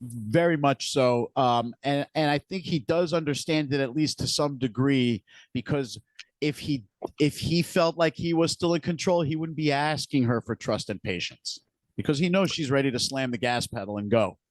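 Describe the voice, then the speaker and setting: A man's voice: mid-range voice, normal speed, no echo. A man co-hosting a podcast, retelling scenes from a TV episode in a casual, detailed way. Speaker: podcast co-host. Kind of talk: casual recap chat.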